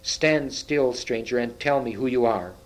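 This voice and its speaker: A big menacing wolf guard, put on by a man reading a storybook aloud, growling out loud commands at a stranger. The voice stays in the reader's own middle register but pushes louder. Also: mid-range voice, measured pace, close to an everyday voice, low-quality recording. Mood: challenging.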